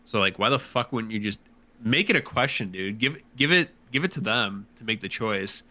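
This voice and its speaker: A man's voice: on the low side, animated, moderate pace, bright, forceful tone. A man chatting casually as a podcast guest, rambling and swearing as he restarts his sentences. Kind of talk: casual chat.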